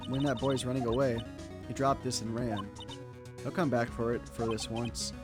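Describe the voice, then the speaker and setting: A man's voice: medium pitch, little pitch movement, moderate pace, lightly acted. A man reading the lines of a cranky, violent old woman guard in a video game, huffing and puffing between words. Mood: grumbling. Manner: huffs and puffs between words, scolds. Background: video game music.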